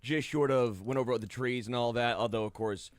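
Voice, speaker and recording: A man's voice: medium pitch, fairly even intonation, brisk, no echo. Wry male radio co-host, dry sound. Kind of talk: casual sports radio chat.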